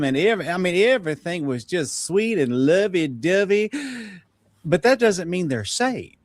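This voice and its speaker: A man from Georgia rambles through a casual opinion, leaning on fillers as he talks. His voice sits a touch high and the sound is dry and close. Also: sing-song, moderate pace, dry recording.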